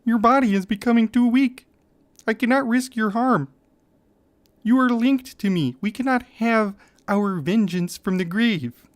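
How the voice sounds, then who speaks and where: Guy doing a squeaky lispy forest buddy, super high and grim, kinda goofy. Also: measured pace, dry recording. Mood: grave. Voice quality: lisp. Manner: high strange voice, keeps breaking into laughter. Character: strange lisping male forest companion, grim.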